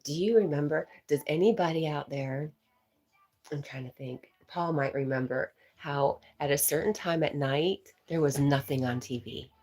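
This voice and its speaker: Broadcasting from home through a laptop mic, a middle-aged woman hosts a livestream, chatting casually, reading out viewer comments, and laughing often, plainly amused with herself. Her low, slightly mellow voice moves at a moderate pace, and the audio quality is poor.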